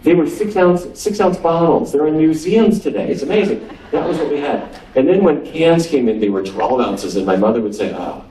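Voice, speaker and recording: A man's voice: a little high, animated, normal speed, warm tone. A man from North Dakota giving a humorous nutrition lecture as a physician and quizzing his audience with questions. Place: lecture room on a cruise ship. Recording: roomy hall, voice from far off.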